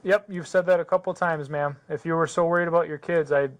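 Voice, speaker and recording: A man's voice: fairly high pitch, quick pace. Curt male police sergeant on a call. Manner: calm, curt. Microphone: phone. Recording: phone call recording.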